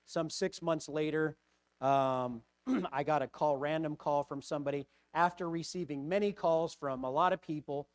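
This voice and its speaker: A man's voice: fairly high pitch, moderate pace, dry recording. Earnest man preaching a personal sermon. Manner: hesitant, repeats words, builds to impassioned pleading. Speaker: pastor.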